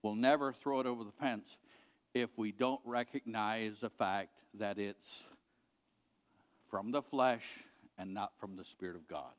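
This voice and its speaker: A middle-aged man preaching a sermon as a pastor, earnestly repeating his points and letting them sink to a quiet finish. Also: fairly low pitch, a little slow. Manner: earnest, repetitive exhortation, dropping quiet at ends of points. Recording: reverberant hall.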